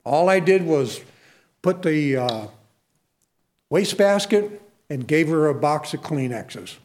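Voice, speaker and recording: A man's voice: on the high side, animated, takes it slowly, a little mellow. A man, a Christian minister, telling folksy stories and preaching with fervent, emphatic exhortations, then leading a closing prayer.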